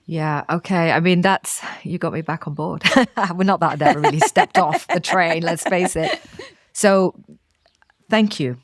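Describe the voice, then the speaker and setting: A woman hosting a podcast interview, responding warmly and asking questions. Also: on the low side, animated, measured pace, dry recording, clean studio sound. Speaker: podcast host. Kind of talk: conversational interview.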